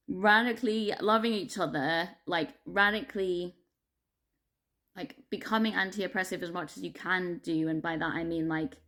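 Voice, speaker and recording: A woman's voice: lowish voice, normal speed, fairly bright tone. Swearing, exasperated woman ranting. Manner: heavy swearing, filler-laden, laughing through frustration. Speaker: vlogger. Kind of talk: casual ranting monologue.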